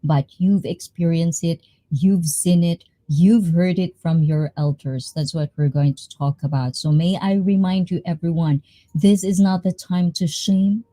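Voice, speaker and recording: Bubbly Filipino woman livestreamer, slow. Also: on the low side, steady tone, mellow. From Philippines. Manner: bubbly, laughs often between lines. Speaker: livestream host. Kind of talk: casual livestream chat.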